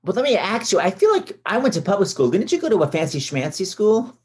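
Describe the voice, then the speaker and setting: A man in his fifties hosts a podcast with a lively voice that swoops up and down. He tells chatty, anecdotal stories. He acts out the people he quotes with big exclamations. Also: high-pitched, quick pace, slightly rough. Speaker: podcast host.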